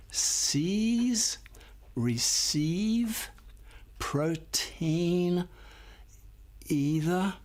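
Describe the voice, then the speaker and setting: A man's voice: a little high, slightly rough. An older man teaching a phonics lesson, patiently sounding out words one at a time and encouraging the learners. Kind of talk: slow classroom phonics lesson.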